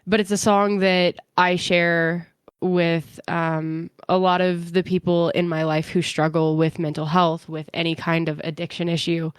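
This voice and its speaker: A woman co-hosting a podcast, chatting casually and thoughtfully with many "um" pauses. Her voice sits on the low side and sounds smooth and resonant. The sound is dry and close. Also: no room sound. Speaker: podcast co-host. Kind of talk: casual chat.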